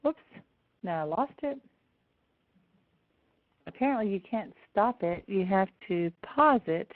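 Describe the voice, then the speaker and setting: A woman presenting an online seminar, tender and close to tears as she speaks warmly to her attendees. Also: mid-range voice, animated, takes it slowly. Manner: warm, affectionate address to attendees. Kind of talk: live online seminar talk. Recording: tinny phone-like audio.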